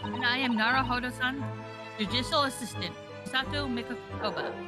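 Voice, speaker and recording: A woman voicing a polite, gentle young female legal assistant, speaking formally with very loud game music behind. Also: a little high, moderate pace, close to an everyday voice.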